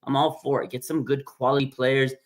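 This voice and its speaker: Man, sports stream host, rambling casual chat, excitable, reads out chat comments, mid-pitched voice. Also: fairly quick.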